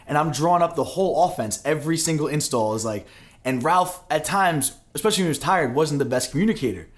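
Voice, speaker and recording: Fast-talking young male podcast host. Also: on the high side, lively intonation. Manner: rambling, filler-heavy anecdote telling with many "like"s. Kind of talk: casual storytelling chat.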